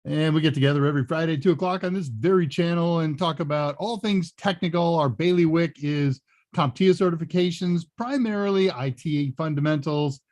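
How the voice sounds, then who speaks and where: A man's voice: on the high side, fairly quick, darkish tone, no room sound. A man hosting a live tech Q&A, chatting casually and rambling with chuckling asides. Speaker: host and senior instructor. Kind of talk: casual livestream Q&A chat.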